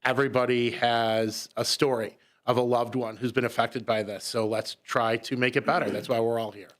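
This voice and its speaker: An earnest male guest on a radio talk show, explaining at length with frequent restarts. His voice sits at a typical pitch for a man. The conversation is recorded in a radio studio. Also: flat delivery, moderate pace, a bit bright.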